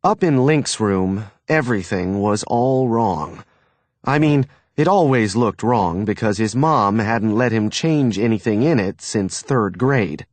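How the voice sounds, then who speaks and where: Male audiobook narrator, measured pace, lively pitch, dry studio sound. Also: no echo. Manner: expressive, storytelling.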